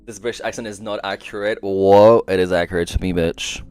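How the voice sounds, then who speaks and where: A man's voice: lowish voice, fairly even intonation, a little fast, a little mellow, smooth, no room sound, faint music behind. A man chatting casually and profanely on a game livestream, often breaking into laughter. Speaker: game streamer.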